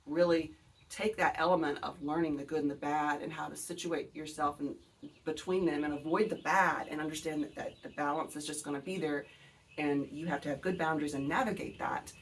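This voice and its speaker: A woman's voice: low-pitched, steady tone, a little fast, far from the mic. A woman in her forties with an Alabama accent, hosting a casual book video; she rambles, digresses and swears freely while talking straight to her viewers.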